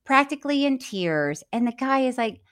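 A woman's voice: sits high, very animated, moderate pace, fairly bright tone. A woman co-hosting a podcast, telling a story in casual chat, acting out the quotes and laughing often. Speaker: podcast co-host.

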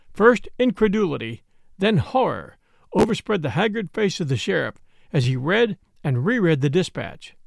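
In this audiobook, a male narrator takes a classic story steadily, his gravelly, high voice making big pitch swings. The sound is close-miked and dry.

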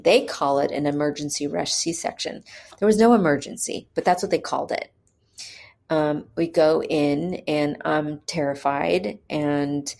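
Low-voiced woman telling a personal story. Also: a little mellow. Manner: hesitant, with frequent pauses and fillers; earnest and candid. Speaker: mother telling her birth story.

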